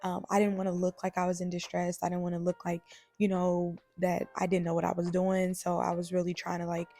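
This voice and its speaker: A young woman tells a travel story in a loose, chatty vlog style, her voice gravelly and mellow. She sits a little low in her pitch. Soft music plays faintly behind her. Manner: chatty, animated, many "like"s. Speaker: travel vlogger.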